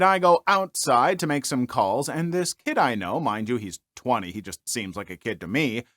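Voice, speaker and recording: Guy reading out stories and riffing on them, lively up-and-down voice, dry close mic. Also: on the high side, no echo. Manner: chatty, animated commentary with many fillers. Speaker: story narrator.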